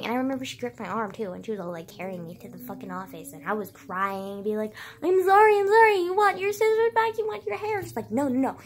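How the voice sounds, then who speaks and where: With a breathy edge to a voice on the high side, a young woman vlogs to camera about her childhood. Her storytelling to viewers is rambling and casual, filled with "like" and swear words.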